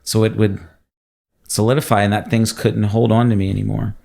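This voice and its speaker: A man's voice: lowish voice, level tone, brisk, creaky, darkish tone. A man sharing an emotional personal testimony as a guest, telling his story with laughter and acted-out quotes.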